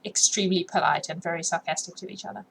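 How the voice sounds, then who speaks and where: A woman hosting a book-reading show, chatting casually in an easygoing way with frequent filler pauses as she signs off. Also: lowish voice, creaky, fairly bright tone, a little hiss or hum, poor audio. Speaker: host reading a novel aloud. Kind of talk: casual sign-off chat.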